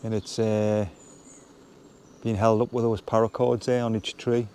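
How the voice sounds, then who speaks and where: A man chats in an easy, rambling way, full of fillers, as he films himself at a wild camp in the woods. His voice sits fairly low. Faint birds and outdoor ambience carry on behind him. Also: unhurried, a little hiss or hum. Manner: relaxed, chatty, rambling with fillers. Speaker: vlogger. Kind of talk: casual outdoor vlog talk. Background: birds and woodland ambience.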